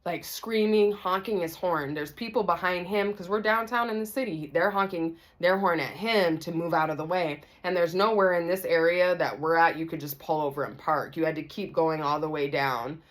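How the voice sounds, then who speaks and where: A woman vlogger telling a story to the camera, casual and animated, acting out the voices of the people in it. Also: fairly low pitch, normal speed, hardly any pauses. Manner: animated, acts out everyone's voices.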